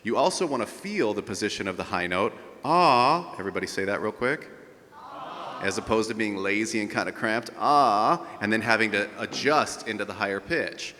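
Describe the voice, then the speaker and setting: A man's voice: on the low side, brisk, bright, forceful tone, big-room sound, a little hiss or hum. A man teaching a live group voice lesson as a vocal coach, explaining technique and demonstrating sounds.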